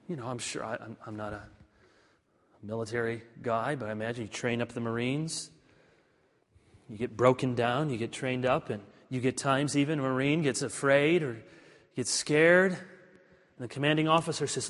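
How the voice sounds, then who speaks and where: Male pastor, fairly high voice, emphatic preacher with quiet asides, long hall reverb. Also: normal speed. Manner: emphatic preaching that swings between ringing declarations and hushed, confiding asides. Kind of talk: sermon.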